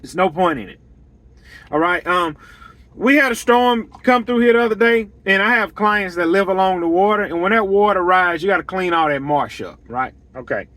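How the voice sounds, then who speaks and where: A man's voice: high voice, expressive, normal speed, a bit bright, no room sound. A man who runs a lawn care business, giving blunt, emphatic advice on pricing and repeating his points to drive them home. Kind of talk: straight-talking business advice monologue.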